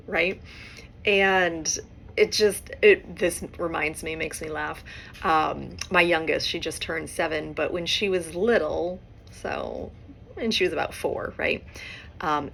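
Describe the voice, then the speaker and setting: A woman hosting a podcast, talking through relationship advice in a relaxed, conversational way and often checking in with "right?". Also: lowish voice, gravelly, slight background noise. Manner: conversational, frequent "right?" tag questions. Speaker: podcast host and therapist. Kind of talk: casual advice monologue.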